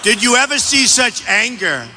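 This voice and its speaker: A man giving a campaign rally speech from a podium microphone in a large venue, repetitive and boastful, often shouting his asides. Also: very high-pitched, lively intonation, moderate pace. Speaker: political candidate. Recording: long arena reverb, faint background noise.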